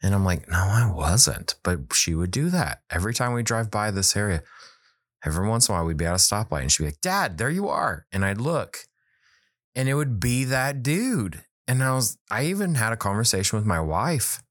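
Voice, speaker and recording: A man's voice: lowish voice, fairly quick, no echo, clean studio sound. A man in his thirties, a children's book author, telling a story in casual conversation and acting out the quoted dialogue. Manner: animated, acts out quoted dialogue.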